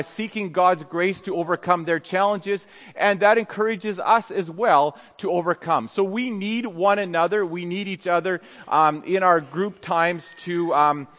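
A man with a fairly high voice preaches a sermon in a church. He talks in a halting way, with frequent ums and restarts. His voice rings out with a long hall reverb. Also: a bit bright. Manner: halting, many fillers and restarts. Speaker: pastor. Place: church sanctuary.

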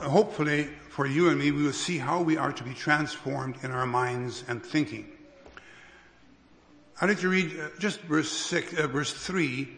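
A man preaching a sermon as a pastor, unhurried, with restarts and careful emphasis. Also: a little high, vocal fry, a bit bright. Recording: long reverb of a hall.

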